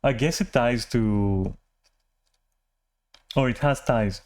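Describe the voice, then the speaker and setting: Slow-paced and slightly mellow, this man's mid-range voice carries a casual, rambling rant to camera. He's a vlogger who puts himself down, swears a lot, and frequently restarts his lines with plenty of fillers.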